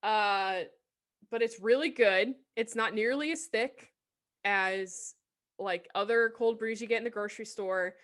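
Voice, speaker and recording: A woman's voice: medium pitch, unhurried, fairly bright tone. A young woman co-hosting a podcast, talking bluntly and jokingly with frequent swearing in casual chat. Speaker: podcast co-host.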